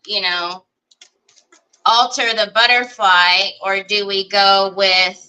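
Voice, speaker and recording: A woman's voice: medium pitch, pushed and bright, clean tone, rough recording. A woman hosting a live crafting stream, thinking aloud as she works and greeting viewers by name. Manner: chatty, greets viewers by name while working. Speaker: craft livestream host. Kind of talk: casual live crafting chat.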